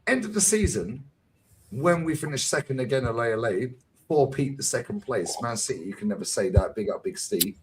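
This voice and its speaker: A man's voice: mid-range voice, slight background noise, poor audio. A man with a London accent, bantering animatedly about football as a fan channel co-host. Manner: animated, boisterous, slangy, quick to laugh.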